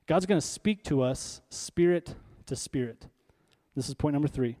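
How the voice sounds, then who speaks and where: Male pastor, slightly high-pitched voice, conversational emphatic sermon delivery. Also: normal speed, dark tone. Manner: conversational, emphatic preaching with rhetorical questions.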